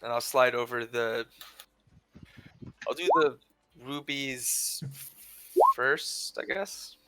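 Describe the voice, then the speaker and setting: A man playing a tabletop game, speaking haltingly with self-mocking asides. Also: medium pitch, pushed and bright, clean tone, no echo. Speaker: player. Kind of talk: tabletop role-play chat.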